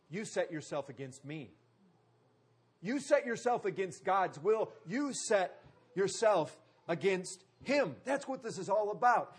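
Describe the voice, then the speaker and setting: A man preaching a sermon, driving points home with emphatic repetition and dramatic pauses. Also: high voice, very animated, husky. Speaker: pastor.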